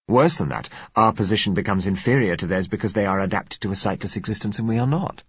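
A man's voice: on the low side, animated, quick pace, breathy edge, no echo. A man reading the lines of an earnest man who argues his theories at length, in a lecturing way. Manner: argumentative, lecturing. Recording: muffled lo-fi recording.

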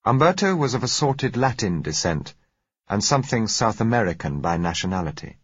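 A man reading a story aloud in a measured, dry manner, his voice very low and husky. The recording is dull and lo-fi, with a dry, close sound and no room echo. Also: sing-song. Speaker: narrator. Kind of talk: audiobook narration.

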